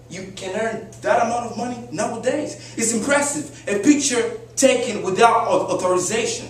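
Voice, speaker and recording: A man's voice: high-pitched, moderate pace, hardly any pauses, far from the mic. A young man giving a persuasive speech to a class, emphatic and full of rhetorical questions and fillers. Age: young adult. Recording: very echoey classroom recorded from afar.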